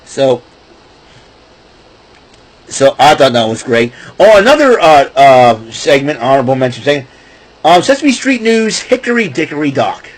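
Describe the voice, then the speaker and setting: A man's voice: mid-range voice, very animated, moderate pace, pauses often, low-quality recording. A middle-aged man hosting his own show, talking casually in a rambling way with many restarts. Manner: rambling, restarting, breaks into goofy voices and laughs. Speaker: podcast host. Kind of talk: casual solo talk.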